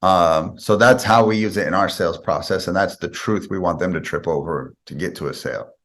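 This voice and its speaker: Low-voiced man explaining his sales method. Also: brisk, fairly bright tone. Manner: explains with step-by-step examples. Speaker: guest sales expert. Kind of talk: podcast interview answers.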